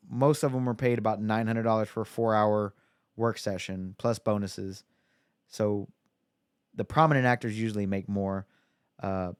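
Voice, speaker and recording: A man in casual podcast chat, his voice smooth and clear. He rambles with lots of fillers. The sound is dry and close to the mic. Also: mid-range voice, dry recording. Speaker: podcast co-host.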